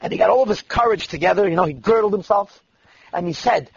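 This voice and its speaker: Male storyteller, high and raspy with fry, sermon-style anecdotes, dull dry lo-fi recording. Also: quick pace, dry recording. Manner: lively storyteller who voices the people he quotes. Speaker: storyteller at a religious gathering.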